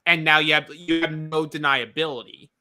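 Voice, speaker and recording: Bright-voiced animated male co-host. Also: on the high side, normal speed, clean tone. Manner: animated, acts out contestants' lines. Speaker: podcast co-host. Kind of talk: casual chat recapping reality TV.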